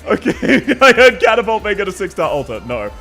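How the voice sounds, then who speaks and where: A man's voice: sits high, very animated, fairly quick, creaky, pushed and bright. A man streaming live, chatting casually and getting flustered, laughing often as he rambles. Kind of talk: casual livestream chat. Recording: faint music behind.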